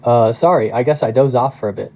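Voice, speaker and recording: A man's voice: medium pitch, animated, fairly quick, a little mellow, low-quality recording. A man reading as a wry, weary middle-aged man. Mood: tired. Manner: wry, understated.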